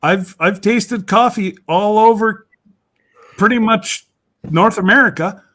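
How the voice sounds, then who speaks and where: On a video call, a regular on a group chat show talks casually, rambling and laughing often. His voice sits high and sounds pushed and bright, and he speaks slowly.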